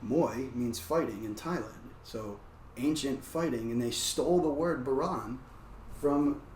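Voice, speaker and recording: Guy telling a story in a loose chatty way, lots of "like"s, mid-pitched voice, echoey room. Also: measured pace. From United States. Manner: loose and animated, frequent "like" fillers. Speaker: guest, martial arts practitioner. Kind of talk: casual storytelling conversation. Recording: roomy, distant mic, faint background noise.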